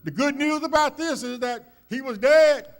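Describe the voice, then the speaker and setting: High-voiced preaching man. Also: normal speed. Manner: preaching with rising call-and-response emphasis; folksy storytelling with many uh fillers. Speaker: minister. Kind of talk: sermon. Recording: church service recording.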